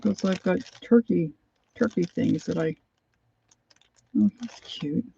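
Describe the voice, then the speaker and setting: Woman crafter, unhurried rambling talk, slightly dull home recording. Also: fairly low pitch, gravelly, dark tone, slight background noise. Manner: rambling, talks to herself while rummaging. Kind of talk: casual crafting chat.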